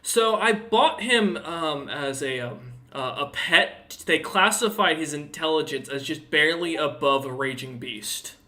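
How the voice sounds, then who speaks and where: A man's voice: fairly high pitch, unhurried, few pauses, pushed and bright. A man voicing a matter-of-fact female hill dwarf who speaks frankly, in a tabletop game.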